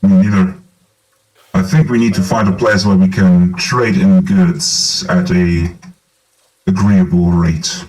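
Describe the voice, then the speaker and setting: A man playing a tabletop game, speaking in a plain, measured way. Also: low voice, fairly even intonation, darkish tone, rough recording. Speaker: player.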